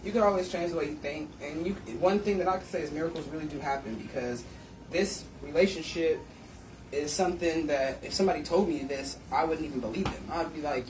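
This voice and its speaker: A woman hosting a live stream, telling stories in a blunt, profane, animated way. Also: sits low, brisk, noisy background. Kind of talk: casual live-stream storytelling. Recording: echoey room, distant from mic.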